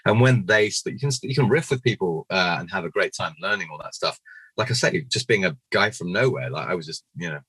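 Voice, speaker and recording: A man in his forties with a deep, slightly husky voice tells stories with lively energy, slipping into funny voices for the people he quotes. The sound is close and dry, with no room around it. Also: brisk, no echo. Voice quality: naturally low register. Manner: animated storyteller, acts out quoted voices. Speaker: puppeteer guest. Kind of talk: casual interview anecdotes.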